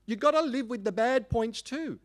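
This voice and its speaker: A middle-aged man, preaching a sermon in an emphatic, animated way with folksy asides. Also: very high voice, normal speed. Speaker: pastor.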